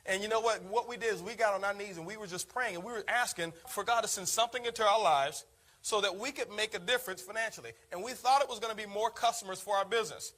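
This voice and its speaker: Fast, bright-voiced energetic male speaker. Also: high voice. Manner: energetic, storytelling, addresses listeners as guys. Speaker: network marketing speaker. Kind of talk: motivational talk to an audience.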